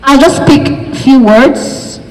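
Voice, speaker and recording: A woman's voice: high-pitched, takes it slowly, a little mellow. A woman with a Nigerian accent giving a classroom lecture, chatty and asking the class questions. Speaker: university lecturer. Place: lecture hall. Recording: echoey hall with faint ambience.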